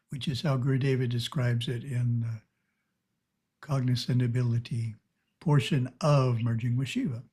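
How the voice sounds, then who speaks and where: A man giving a calm, measured spiritual teaching talk over a video call. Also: medium pitch, breathy edge.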